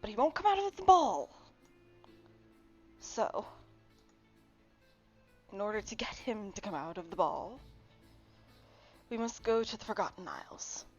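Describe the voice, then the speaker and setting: A woman voicing a composed young woman adventurer who explains things in a steady, matter-of-fact way. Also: medium pitch, measured pace, pauses often, faint music behind, close to an everyday voice. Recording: dull lo-fi mic.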